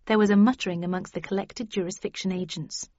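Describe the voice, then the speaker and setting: A woman reads a novel aloud at a steady, matter-of-fact pace, in a middling voice. The recording is dry and close, with a slightly muffled, dull tone. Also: mid-range voice, fast, no room sound. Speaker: narrator. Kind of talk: audiobook narration.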